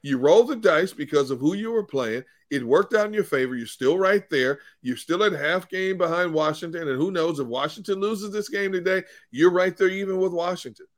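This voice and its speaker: A man's voice: high voice, animated, moderate pace, few pauses, no echo. Male football analyst, dry close sound. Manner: earnest explainer, repeats points. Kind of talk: sports analysis on a talk show.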